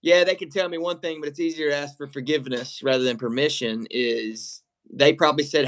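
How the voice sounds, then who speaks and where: A man's voice: fairly high pitch, steady tone, fairly quick, few pauses, fairly bright tone. A man co-hosting a wrestling reaction stream in casual, rambling chat, swearing freely. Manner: rambling, profane, laughs while talking. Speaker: wrestling show co-host.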